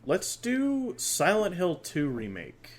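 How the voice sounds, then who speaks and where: An American man hosting a casual podcast chat, relaxed and chatty, laughing often. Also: sits high, takes it slowly, a little hiss or hum. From United States. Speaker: podcast host.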